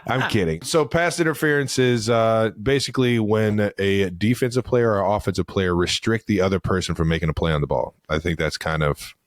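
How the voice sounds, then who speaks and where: A man from Cleveland with a low voice, co-hosting a podcast in loose, laughing banter. He swears freely and often trails off mid-sentence. The sound is dry and close, with no room echo. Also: fairly quick, few pauses. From Cleveland, Ohio. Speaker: podcast co-host. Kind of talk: casual chat.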